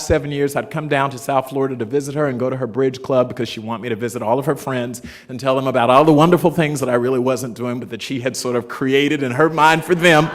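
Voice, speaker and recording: Casual storytelling man at a conference. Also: medium pitch. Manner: conversational, storytelling, self-deprecating humor. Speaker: conference presenter. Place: conference hall stage.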